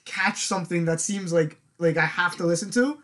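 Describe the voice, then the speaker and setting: Young male student, high-pitched, chimes in with short reactions. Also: moderate pace, fairly bright tone. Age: young adult. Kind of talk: casual chat.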